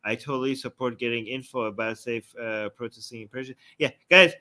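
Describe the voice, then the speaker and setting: A man chats casually on a live stream with a bright, forward voice. He teases and insists on details. His pitch sits in the middle. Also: steady tone, fairly quick. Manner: teasing, insistent when correcting pronunciation. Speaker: co-host.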